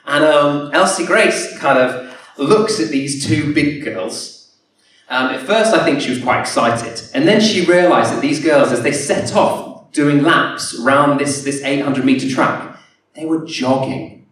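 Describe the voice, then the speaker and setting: A man's voice: on the high side, measured pace, a bit bright, a little hiss or hum. A man preaching a sermon, telling a personal story in an earnest way that often circles back and restarts. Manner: earnest, repetitive, many restarts. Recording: echoey hall from far off.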